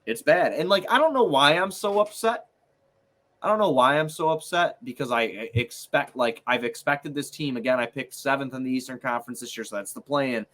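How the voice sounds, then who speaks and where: A man's voice: mid-range voice, brisk, fairly bright tone. A young man co-hosting a sports podcast, ranting in a heated, profane, exasperated way. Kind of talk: heated casual chat.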